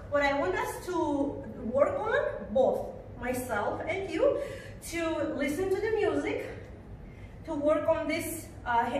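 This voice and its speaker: Echoey dance teacher counting beats. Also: female voice, high voice. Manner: counts beats aloud and sings rhythm syllables. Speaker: belly dance instructor. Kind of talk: online dance class, counting steps. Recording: echoey room, voice from far off, faint noise.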